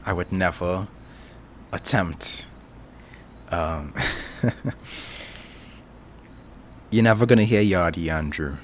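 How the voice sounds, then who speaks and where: A man's voice: low-pitched, slow, long pauses, a little hiss or hum. A Trinidadian man casually chatting with his stream audience, rambling and thinking aloud with lots of filler words. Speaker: streamer answering chat. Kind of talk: casual chat.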